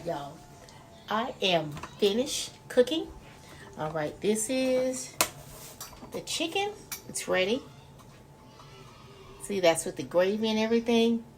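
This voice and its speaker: Cooking in her home kitchen, a woman with a gravelly, medium-pitched voice chats folksily with her viewers during a casual demo. The home recording is noisy.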